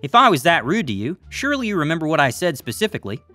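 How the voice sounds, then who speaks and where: A man voicing a young male store clerk who speaks quietly and matter-of-factly. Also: on the high side, big pitch swings, racing, dry recording, soft background music. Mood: dry. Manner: quiet, dry, matter-of-fact.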